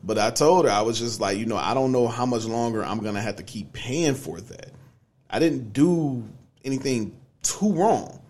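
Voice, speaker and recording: Medium in pitch and slightly mellow, this young man's voice moves at a normal speed. He's a podcast co-host casually spinning a long personal tale, laid-back and heavy on fillers like "you know what I'm saying."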